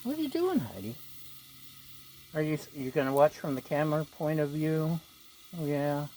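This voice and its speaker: Chatty home cook, playful, mid-pitched voice, outdoors at the griddle, loud sizzling behind. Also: sing-song, moderate pace, slight background noise, poor audio. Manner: playful, chatty, talks to the dogs. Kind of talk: casual cooking commentary.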